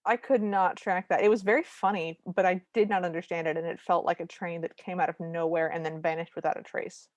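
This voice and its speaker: Lower-voiced woman recapping a movie. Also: fairly even intonation, fairly quick, hardly any pauses, no room sound, muffled recording. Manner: wry, conversational storytelling with humorous asides. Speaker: podcast co-host. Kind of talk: casual movie recap chat.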